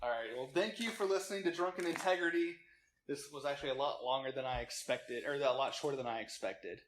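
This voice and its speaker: A man hosting a casual podcast, joking and laughing loudly with friends. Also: mid-range voice, fast, slight background noise, poor audio. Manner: joking, laughing, loud and rowdy. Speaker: podcast host.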